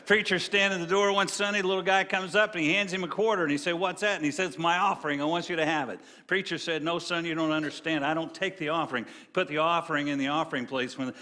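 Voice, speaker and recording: A middle-aged man preaching as a guest preacher, telling folksy jokes and dropping low and quiet for serious points. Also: quick pace. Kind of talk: sermon with jokes.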